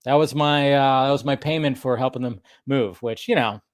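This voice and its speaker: A man talks in a loose, rambling way as he hosts a casual live stream from home, greeting people in the chat by name. His pitch sits in an ordinary middle range, and the sound is dry and close, with little room echo. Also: normal speed. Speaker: host of a live drinking stream. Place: home room with a pub table.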